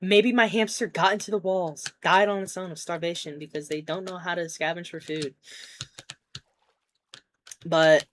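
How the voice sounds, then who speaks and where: Laid-back woman streamer with a lower voice, rambling and swearing through a story, keyboard tapping faintly behind. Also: fairly even intonation, normal speed, long pauses, fairly bright tone, a little hiss or hum. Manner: rambling, swears casually, jokey asides. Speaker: game streamer. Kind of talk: casual storytelling while gaming. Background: keyboard typing and clicks.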